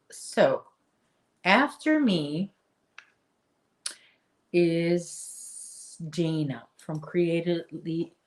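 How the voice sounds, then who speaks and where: A low-pitched woman talks at an unhurried, easy pace as she hosts a crochet livestream. She chats with her viewers and picks up their comments, often stumbling and restarting her sentences. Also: darkish tone. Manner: chatty, answers viewer comments, frequent restarts. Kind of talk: casual live chat while crocheting.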